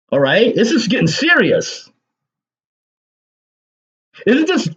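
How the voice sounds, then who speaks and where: A man's voice: on the high side, slightly rough, muffled recording. A man giving a ranting solo political commentary, sarcastic and agitated, swearing and laughing bitterly.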